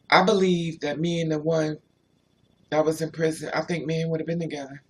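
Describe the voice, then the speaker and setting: A man's voice: on the high side, flat delivery, a little fast, husky. A man on a casual livestream who tells rambling personal stories and answers viewers' chat comments as he goes.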